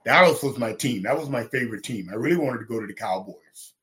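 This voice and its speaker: A middle-aged man from Texas, a former football linebacker, telling his story in an interview with lively, acted-out quotes. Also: fast. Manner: animated, acts out quotes with big pitch jumps, laughs.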